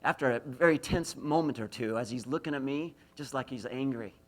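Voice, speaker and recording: A man's voice: medium pitch, a little fast. A middle-aged man from Idaho giving a university lecture, telling self-deprecating stories and throwing questions to the audience. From Idaho, USA. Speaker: motivational speaker.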